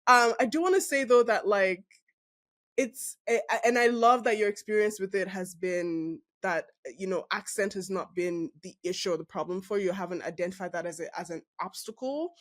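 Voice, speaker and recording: A woman from Nigeria with a Nigerian English accent, hosting a casual podcast interview, animated and emphatic, laughing often and restarting her sentences. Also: medium pitch, normal speed. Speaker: podcast host.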